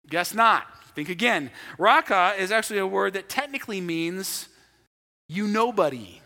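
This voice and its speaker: Male pastor, high and bright voice, conversational sermon, acts out quotes, long church reverb. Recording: long reverb of a large hall.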